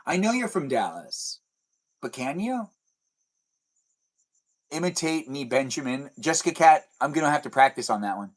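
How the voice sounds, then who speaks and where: Reading chat messages aloud on a casual home livestream, this young host rambles in a medium-pitched, very animated voice. He speaks at a moderate pace with long pauses, and a TV is on in the background.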